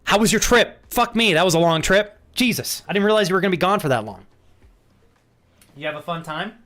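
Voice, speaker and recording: A young man chats casually with his live-stream viewers while gaming, thanking them by name and swearing freely. His voice sits a little high and shoots up when he gets excited. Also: fairly quick.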